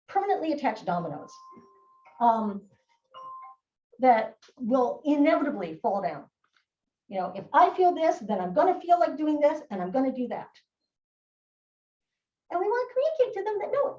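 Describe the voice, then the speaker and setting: A woman giving a live training presentation on child behavior, acting out what kids and adults say in a lively, animated way. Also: high-pitched, moderate pace, long pauses. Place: presentation room. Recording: echoey room, distant mic, dull sound.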